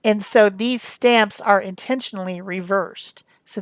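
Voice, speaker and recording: Chatty woman giving a relaxed craft tutorial. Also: medium pitch, unhurried, no echo. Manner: chatty, rambling, with many fillers and restarts. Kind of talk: casual voice-over demonstration.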